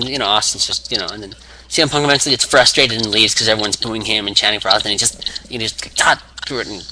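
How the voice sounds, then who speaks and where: A man's voice: lowish voice, noisy background. A man rambling casually through a story, full of fillers and restarts. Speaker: wrestling fan.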